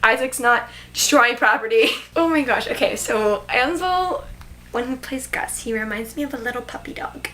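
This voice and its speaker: A woman's voice: fairly high pitch, moderate pace, sharp tone, a little hiss or hum. A young woman casually reviewing a movie on her vlog, gushing and filling her talk with "like". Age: young adult. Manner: gushing, heavy "like" fillers. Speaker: vlogger.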